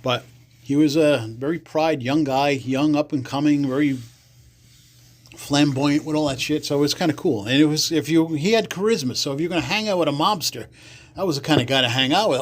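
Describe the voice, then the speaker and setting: A man from the Bronx, a podcast guest telling stories casually, acting out other people's lines with big leaps in pitch and salty language. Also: brisk. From the Bronx, New York. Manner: acts out quoted voices with big jumps in pitch, salty language. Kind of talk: casual storytelling.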